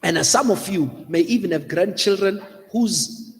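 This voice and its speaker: A South African man preaching from the pulpit, his voice sitting high for a man. He presses his points with earnest repetition and drops Xhosa words between English lines. The sound rings with the long reverb of a church hall. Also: expressive, moderate pace. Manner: earnest, repetitive pleading, mixing in Xhosa phrases. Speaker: pastor. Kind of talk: sermon.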